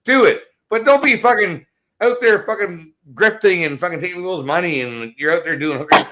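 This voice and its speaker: A man's voice: sits high, fairly quick, noisy background. A man hosting a casual chat, ranting with heavy swearing and laughter.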